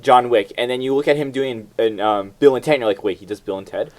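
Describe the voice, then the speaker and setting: A man's voice: mid-range voice, quick pace, darkish tone. A teenage boy co-hosting a school podcast, tossing in short remarks and searching for names as he talks. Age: teens. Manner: short interjections, gropes for names. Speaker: podcast co-host. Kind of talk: casual chat.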